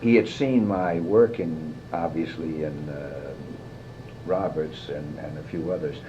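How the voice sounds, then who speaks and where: An older man, a guest actor, telling lively stories in an interview, swearing freely and mimicking others. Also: rumbling low, unhurried. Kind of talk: anecdotal interview. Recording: dull lo-fi tape with faint hiss.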